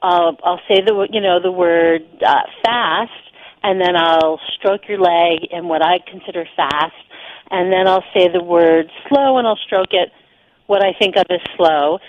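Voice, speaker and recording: A woman, a guest sexuality teacher, explaining ideas in a relaxed conversational way during a radio interview, with fillers and restarts. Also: medium pitch, no room sound. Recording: slightly dull lo-fi radio audio.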